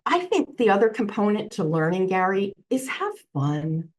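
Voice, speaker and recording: Brief: expressive woman guest, talks with big pitch swings, acts out what people said. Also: normal speed. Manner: animated storyteller, acts out quotes, laughs easily. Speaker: psychic medium guest. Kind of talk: casual interview chat. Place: home room with crystals on shelves.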